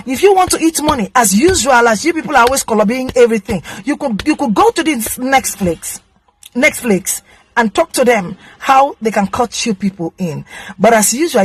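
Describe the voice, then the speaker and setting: A woman's voice: a little high, slightly rough. A Nigerian woman, an actress and vlogger, scolding in a heated direct-to-camera rant and repeating phrases for emphasis.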